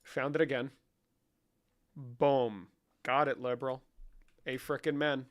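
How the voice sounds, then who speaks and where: A man's voice: a little high, slow, pauses often, smooth. A man rambling through a comedic vlog in a profane, mock-serious, running banter. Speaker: comedic creator. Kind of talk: comedic screen-share vlog.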